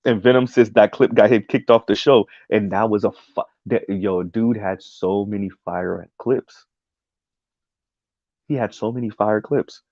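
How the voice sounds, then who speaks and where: A man's voice: on the low side, steady tone, measured pace, dry recording, highs cut off. A man giving casual livestream commentary on a video essay, rambling with many ums and tagging his points with "right?". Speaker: streamer reacting to a video essay.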